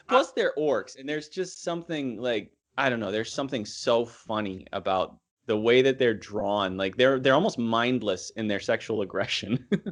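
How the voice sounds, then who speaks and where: A man's voice: mid-range voice, moderate pace. A man co-hosting a casual anime podcast, chiming in with agreeable comments and frequent chuckles. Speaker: podcast co-host.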